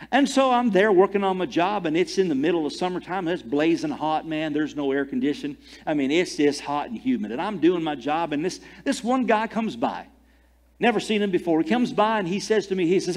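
A pastor preaching a sermon in a storytelling way, rising to loud emphatic peaks and dropping to quiet asides. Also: male voice, high voice, animated, brisk.

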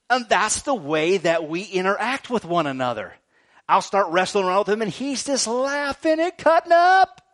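High, lively-voiced male pastor preaching. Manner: animated, jokey preaching with frequent "right?" asides. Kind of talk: sermon.

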